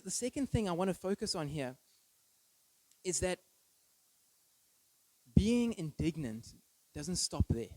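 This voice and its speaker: A pastor preaching an earnest, emphatic sermon full of rhetorical questions. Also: male voice, a little high, mellow, no room sound, low-quality recording. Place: church.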